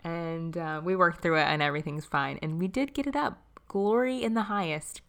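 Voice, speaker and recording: A young woman hosting a devotional podcast, talking casually and warmly, often laughing and calling the listener friend. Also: lowish voice, fairly quick, gravelly. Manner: warm, chatty, laughs often, says friend. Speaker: podcast host.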